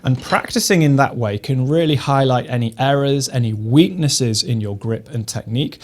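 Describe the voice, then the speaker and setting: A man giving a drum lesson, explaining technique in a measured, methodical way. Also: medium pitch, background noise. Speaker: drum teacher. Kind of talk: instructional lesson.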